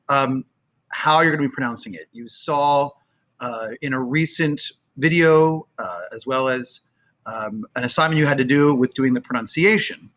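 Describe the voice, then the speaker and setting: A man teaching a choir, talking casually and singing out phrases slowly to show how they go. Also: on the high side, a bit bright. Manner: sings and chants phrases slowly to demonstrate; conversational with fillers. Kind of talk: choral rehearsal instruction. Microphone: camera, sometimes moving off it.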